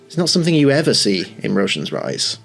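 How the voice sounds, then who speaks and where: British woman GM, low and expressive, slow-paced scene narration, soft music under. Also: vocal fry. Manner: descriptive, unhurried storytelling. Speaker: game master. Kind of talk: narrating a tabletop game.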